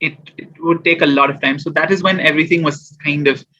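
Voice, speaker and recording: Man, rambling casual chat, fairly high bright voice, dull lo-fi call audio. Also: steady tone, fast. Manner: chatty, rambling with fillers and restarts. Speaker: guest poet and small business owner.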